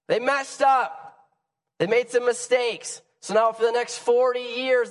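A young man preaching a sermon on a church stage, his voice raspy and hoarse from a cold. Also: sits high. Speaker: pastor. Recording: long church hall reverb.

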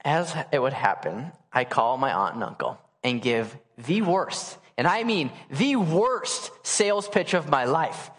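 Higher-voiced guy preaching, chatty story, big hall echo. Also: a little slow, hardly any pauses. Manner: casual, animated storyteller acting out quotes. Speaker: pastor. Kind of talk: sermon storytelling. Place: church sanctuary. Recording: church hall reverb.

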